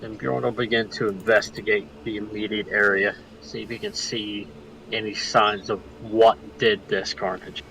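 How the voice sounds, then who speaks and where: A man plays in a tabletop game and describes his character's moves in detail. His voice is low and flat, with a bright, forceful edge. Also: normal speed, vocal fry, a little hiss or hum, rough recording. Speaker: player. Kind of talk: casual tabletop play.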